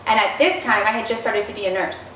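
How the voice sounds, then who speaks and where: A woman guest in a casual interview tells stories with animation, acting out the quoted dialogue. Her mid-range voice is fast and a bit bright, recorded on a distant mic in a roomy space with faint noise.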